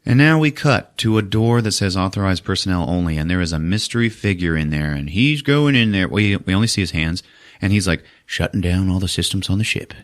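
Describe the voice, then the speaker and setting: A man's voice: low voice, fairly quick. A man hosting a podcast, recapping a movie in casual chat, swearing freely and acting out the characters' lines. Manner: animated, swears a lot, acts out characters' lines. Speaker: podcast host.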